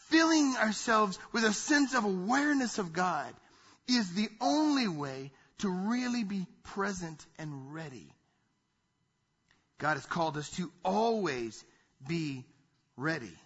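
Guy preaching, kinda high bright husky voice, lo-fi sound. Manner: animated preaching, acts out quoted voices, drops to near-whispers. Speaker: pastor. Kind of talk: sermon.

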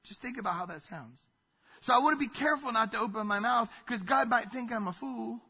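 A man's voice: very high voice, a little fast, bright, forceful tone, husky. A man preaching a sermon from a church stage, emphatic and repetitive in his delivery. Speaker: pastor. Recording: dull lo-fi sound.

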